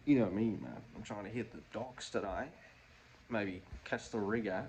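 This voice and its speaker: Male comic vlogger, slangy and rambling, lowish voice, light background hiss. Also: normal speed, darkish tone. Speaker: comedy vlogger. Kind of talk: joking monologue to camera.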